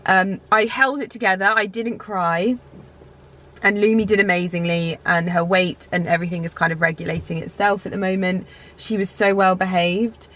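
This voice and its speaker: A woman's voice: mid-range voice, fairly even intonation, normal speed, a bit bright. A woman, vlogging in a casual, rambling way with many fillers and an emotional edge. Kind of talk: casual vlog chat.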